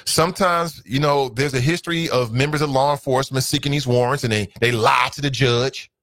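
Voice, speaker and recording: A man's voice: mid-range voice, a little fast, dry recording. A man in his thirties hosting a talk radio show, reading listener comments aloud and reacting with laughter and opinions. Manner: animated, laughing, mocks voices.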